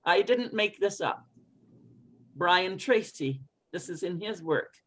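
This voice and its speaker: Female English coach for an online class call; expressive, encouraging, reads lines aloud for students to echo. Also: on the low side, slow. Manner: expressive, encouraging, models phrases for repetition. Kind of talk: online group pronunciation lesson.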